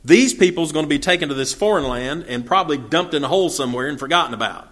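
Bright-voiced man teaching a Bible study. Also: on the high side, expressive, fast talker. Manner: reads old scripture, then explains it in plain, folksy talk with fillers.

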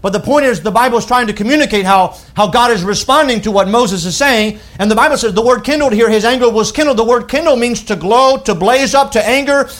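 A man's voice: very high-pitched, fast, few pauses, fairly bright tone. A middle-aged man giving a sermon as a pastor, retelling scripture in everyday speech with frequent restarts. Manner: conversational preaching, paraphrasing scripture in plain speech, with verbal restarts.

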